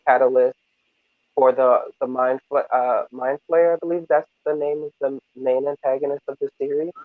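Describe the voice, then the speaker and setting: A man talks in a casual review discussion, animated and full of fillers, at a middling pitch. His voice comes through a tinny, phone-like line. The sound is dry, with no room echo. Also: a little fast. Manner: animated, hesitant with many fillers. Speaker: podcast co-host.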